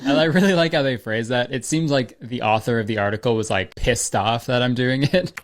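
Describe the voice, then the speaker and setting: Young dude riffing sarcastically on a comedy channel, swears, slips into silly voices. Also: male voice, medium pitch, a little fast, hardly any pauses, faint music behind. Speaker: comedy YouTuber. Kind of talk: comedic commentary.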